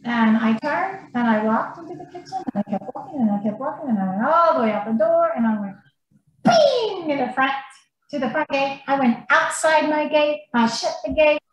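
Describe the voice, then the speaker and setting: A woman on a podcast telling a story in an animated, blunt manner and swearing freely. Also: high voice, normal speed. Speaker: podcast guest. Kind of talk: casual storytelling. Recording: very echoey room, faint noise.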